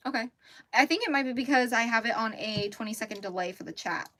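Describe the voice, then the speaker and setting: A chatty woman, her voice bright and a little high. She talks in a loose, rambling way and laughs easily, like someone chatting on a relaxed livestream. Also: fast. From Mississippi, US. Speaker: crochet livestream host. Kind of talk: casual livestream chat. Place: home closet.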